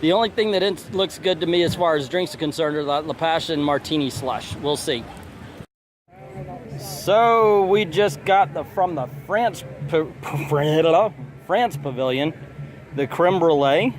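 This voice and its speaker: Unhurried and lively in intonation, this slightly high-voiced host jokes through a food vlog at a theme park festival, reading menu items aloud. Loud background music plays nearby, with a little hiss or hum in the recording.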